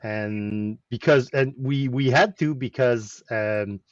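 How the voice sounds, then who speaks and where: In a muffled recording, a man with a medium-pitched voice takes his time telling a story. He hosts a weekly chat stream, has a French Canadian accent, and narrates animatedly in a casual chat, with many restarts.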